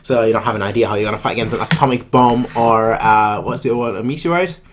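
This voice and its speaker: A man's voice: fairly low pitch, fast, slight background noise. A man hosting a reaction video, reading a manga aloud and joking in a rambling way, stumbling over his words.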